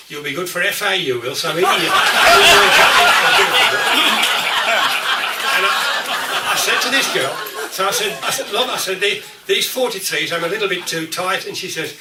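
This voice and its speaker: A man's voice: high voice, lively intonation, fast, very noisy. An older man with a Black Country accent telling comic stories to a folk club audience, chatty and laughing through his jokes. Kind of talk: comic storytelling to a live audience. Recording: distorted, roomy live recording from a distance.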